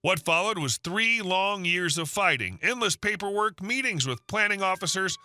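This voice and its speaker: A man narrating online stories in a scripted way, with wry deadpan asides. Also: high voice, moderate pace, soft background music.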